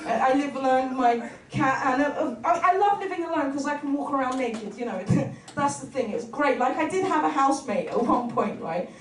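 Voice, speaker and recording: A Turkish woman comedian does a brash, swearing, self-mocking stand-up set, her high voice lively and quick with few pauses at a normal speed. A crowd is audible, and the roomy venue sound is recorded from a distance.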